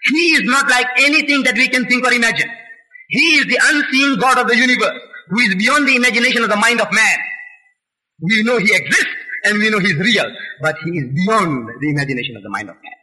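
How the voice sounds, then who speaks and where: A man's voice: high-pitched, animated, fast talker, sharp tone, poor audio. A man giving an impassioned religious lecture, emphatic and rhetorical, pressing his listeners with questions.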